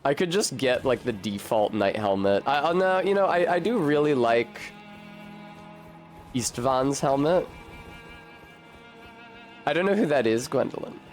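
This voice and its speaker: A man's voice: mid-range voice, expressive, measured pace, long pauses, faint music behind. A man streaming a video game, chatting casually in a rambling, profane and wry way. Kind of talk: casual gameplay commentary.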